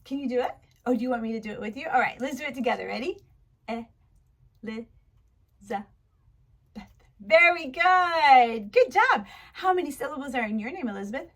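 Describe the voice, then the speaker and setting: A woman's voice: fairly high pitch, expressive, very fast. A woman teacher running a mock lesson for young children, upbeat and encouraging, full of exaggerated praise. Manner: chatty and candid when talking to her viewers. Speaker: teacher applying as online tutor.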